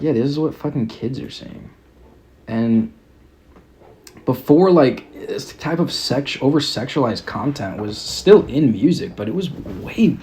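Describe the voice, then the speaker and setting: A young man at a middle pitch rants on his own podcast, swearing constantly and sounding exasperated. His tone is mocking and scornful throughout. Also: dark tone, slight background noise. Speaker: podcast host. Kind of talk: casual rant.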